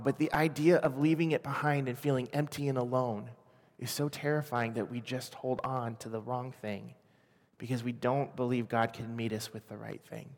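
A man in his forties from Washington state, sharing a personal testimony in an earnest, quiet, emotional way. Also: mid-range voice, fairly even intonation, normal speed. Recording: long hall reverb.

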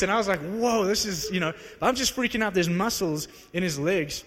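A man preaching to a live audience, telling a story in an animated, conversational, self-mocking way. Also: high-pitched, fast, hardly any pauses, heavy background noise. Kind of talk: sermon storytelling. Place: large hall with live audience. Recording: long reverb of a large hall.

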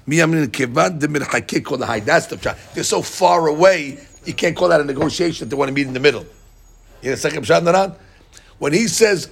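This Talmud teacher has a fairly high, breathy voice with vocal fry and a brisk delivery. He lively explains the text to his class, acting out both positions of the argument as quotations.

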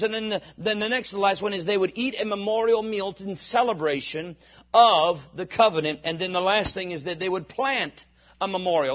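A man preaching a sermon, emphatic and rising to shouts. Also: sits high. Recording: dull lo-fi sermon recording.

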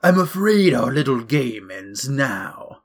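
A man's voice: mid-range voice, very animated, takes it slowly, husky, full character voice. Guy doing a smug mad scientist bad guy voice from a video game, hammy and grand. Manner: pompous, theatrical villain delivery. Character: scheming male mad scientist villain, grandiose.

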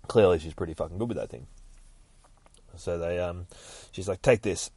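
A man hosting a podcast, retelling a comic in an excitable, heavily swearing casual way with shouted sound effects. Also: low voice, normal speed, breathy edge, no room sound. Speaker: podcast host.

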